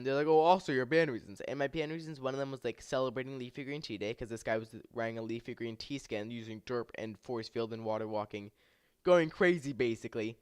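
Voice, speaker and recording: A young man telling a long gaming story in a casual vlog, rambling and saying "like" a lot, his pitch climbing when he replays his own anger. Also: clean tone, no room sound, studio quality. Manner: rambling, heavy use of "like" and "I was like". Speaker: YouTuber and game server moderator.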